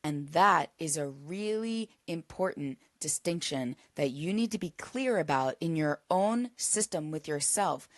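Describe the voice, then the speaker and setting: A woman's voice: deep voice, lively intonation, unhurried, few pauses, no room sound, clean studio sound. A woman hosting a solo podcast, talking in an earnest, reflective way with emphatic repetition. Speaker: podcast host.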